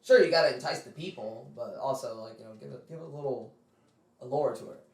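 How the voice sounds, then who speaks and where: A man's voice: medium pitch, quick pace, gravelly. A man co-hosting a podcast in casual chat, laid-back and joking. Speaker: podcast co-host. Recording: roomy and distant from the mic.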